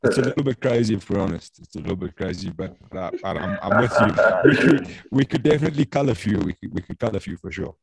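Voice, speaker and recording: A man's voice: lowish voice, expressive, quick pace, vocal fry, few pauses, breathy edge, no room sound, poor audio. A man hosting a podcast interview, chatty and joking, with frequent restarts. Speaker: podcast host.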